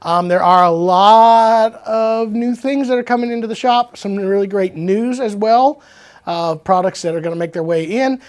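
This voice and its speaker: A man with a fairly high voice hosts a relaxed livestream from a music shop. He chats loosely with his co-host, teases himself and laughs easily between remarks. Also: moderate pace. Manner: jokey and self-teasing, laughs often. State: out of breath at first. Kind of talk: casual livestream chat.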